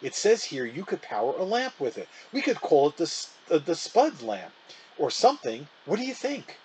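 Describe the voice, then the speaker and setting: An eager, excitable young boy chatters quickly, as a man reading a storybook puts him on. His pitch jumps around a lot as he talks. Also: slight background noise, low-quality recording. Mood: excited.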